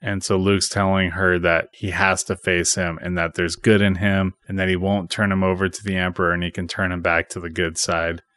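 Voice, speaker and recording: A man hosting a podcast, casually retelling a movie scene by scene and quoting its dialogue in a plain, even way. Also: deep voice, normal speed, few pauses, dry recording. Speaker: podcast host.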